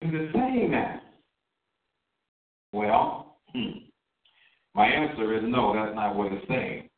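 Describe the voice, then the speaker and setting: A man's voice: on the low side, very animated, reverberant, distant mic, narrow, tinny audio. A man preaching a sermon, drawing out his key words and asking his listeners questions. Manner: emphatic, drawn-out stresses on key words.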